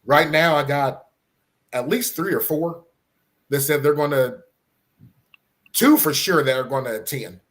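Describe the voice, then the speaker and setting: A middle-aged police officer telling his own story in an earnest, halting way, with many fillers and restarts. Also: a little high, a bit bright. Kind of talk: personal story, casual talk.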